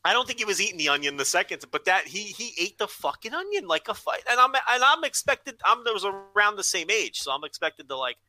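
A man co-hosting a podcast, telling a story with plenty of swearing in a casual, animated way. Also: high-pitched, fast, hardly any pauses, soft background music, low-quality recording. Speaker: podcast co-host.

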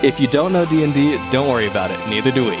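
A man running a tabletop game as game master, narrating scenes in a steady, descriptive way. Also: mid-range voice, rapid-fire, music in the background.

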